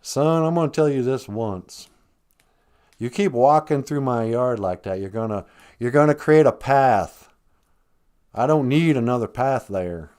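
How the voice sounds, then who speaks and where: A gruff backwoods redneck with a thick Southern drawl, put on by a man, lecturing someone he calls son. He speaks slowly and deliberately, and his pitch swings up and down a lot as he scolds. The manner is stern but folksy. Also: expressive, darkish tone, lightly acted. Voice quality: drawling, chews tobacco.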